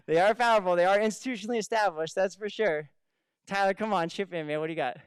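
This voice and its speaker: Man, high voice, smooth and crisp, energetic seminar speaker, asks the audience questions, dry close sound. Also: fairly quick, dry recording. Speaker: financial advisor speaking at a seminar. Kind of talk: live seminar talk to an audience. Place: room with a live audience.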